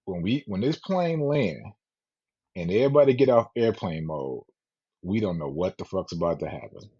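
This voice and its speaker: A man co-hosting a podcast, telling a profane, animated story with lots of laughter. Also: deep voice, normal speed, husky. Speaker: podcast co-host. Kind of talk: casual storytelling. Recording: dull lo-fi podcast audio.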